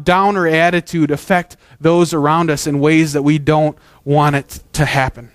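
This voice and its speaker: A man's voice: fairly high pitch, dry recording. A man preaching a sermon as pastor, earnest and conversational, with frequent restarts.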